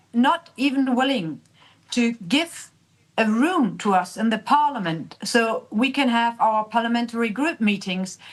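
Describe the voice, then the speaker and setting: A woman's voice: on the high side, rough recording. A woman from Germany with a German accent, a politician guest speaking earnestly in a remote interview, English not her first language.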